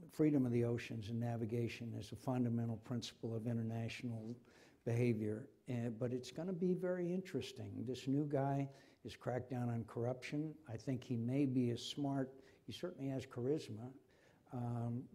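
A man's voice: mid-range voice, warm tone. An older man, a senator, speaking with passion in a forum conversation and repeating himself when stirred. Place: university forum hall.

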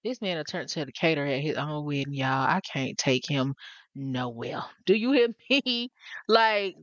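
Woman w/ doing a sims let's play, animated and fed up, kinda dull lo-fi mic. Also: sits low, normal speed, no echo. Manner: animated, exasperated, talks to viewers. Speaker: gameplay commentator. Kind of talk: casual gameplay commentary.

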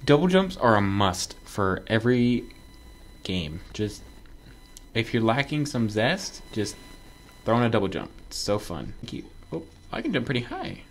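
A man playing a platform game and commenting as he goes, excitable and joking, yelping when something surprises him. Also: lowish voice, a little slow, slight background noise. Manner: excitable, talks to himself, yelps when surprised; joking asides to viewers. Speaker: gaming video creator. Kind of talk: casual let's-play commentary.

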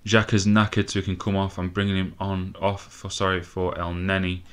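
Deep-voiced nervous gamer. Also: male voice, monotone, moderate pace, a bit bright, clear, resonant tone. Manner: nervous, swearing, laughing bursts. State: out of breath. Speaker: gaming commentator. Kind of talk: excited gameplay commentary.

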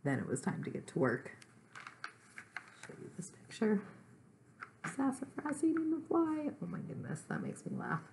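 A woman reading a children's chapter book aloud, gently and slowly, adding chatty asides to her listeners and at times dropping to a whisper. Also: deep voice, huge pitch swings, creaky, slight background noise. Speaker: reader. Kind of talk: storybook read-aloud for children.

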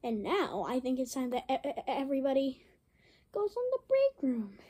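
Very high-pitched, stammering woman narrator. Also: big pitch swings, normal speed, warm tone. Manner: stammers, repeats syllables. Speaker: channel host. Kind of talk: playful narrated toy play.

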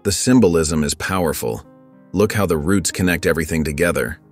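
A man's voice: low-pitched, a little fast, faint music behind. A man voicing an eager, studious teenage boy.

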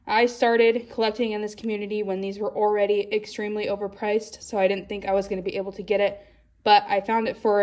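A woman talking through her photocard collection in a casual vlog, chatty and excited, a little out of breath. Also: medium pitch. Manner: chatty, excited, rambling with frequent restarts. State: slightly out of breath.

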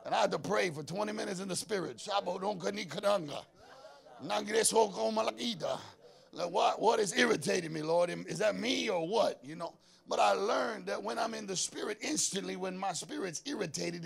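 A man preaching a fervent sermon as an apostle, often shouting and breaking into prayer in tongues. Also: high-pitched, animated, a little fast, creaky, few pauses, husky.

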